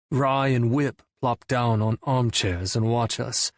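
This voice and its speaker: A man narrating a first-person audiobook in a wry, deadpan manner. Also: medium pitch, slow pace, no room sound, studio quality.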